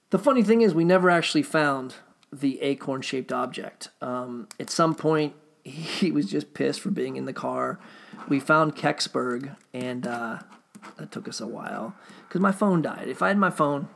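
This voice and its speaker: A man's voice: fairly high pitch, moderate pace, creaky. A man talking in a rambling, casual monologue, swearing freely and often restarting his sentences. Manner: rambling and profane, with frequent restarts.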